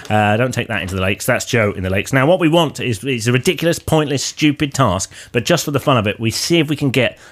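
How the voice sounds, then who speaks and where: A man co-hosting a radio show, quick and jokey, rambling through daft asides. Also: mid-range voice, expressive. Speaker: radio co-host. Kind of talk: casual radio chat. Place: radio studio.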